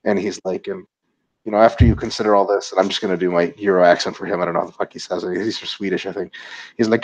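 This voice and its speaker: Husky low-voiced man chatting. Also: steady tone, fast talker, darkish tone, poor audio. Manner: laid-back, rambling storyteller, slips into impressions. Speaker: co-host. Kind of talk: casual chat.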